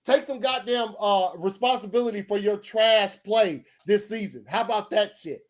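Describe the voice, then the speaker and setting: A man with a high-pitched voice speaks at a normal speed. He co-hosts a sports podcast and rants heatedly, swearing and stammering through many restarts in a casual way.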